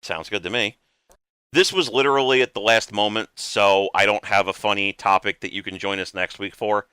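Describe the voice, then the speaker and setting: A man's voice: on the low side, fairly even intonation, moderate pace, pushed and bright, clean tone, dry recording, studio quality. A man hosting a podcast, talking in an earnest, emphatic way and swearing casually. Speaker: podcast host.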